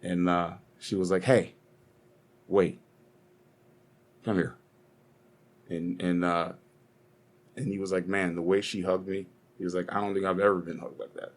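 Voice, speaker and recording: Swearing and rambling his way through arguments and heated stories, a young podcast co-host talks fairly quickly. His voice is low and his delivery flat.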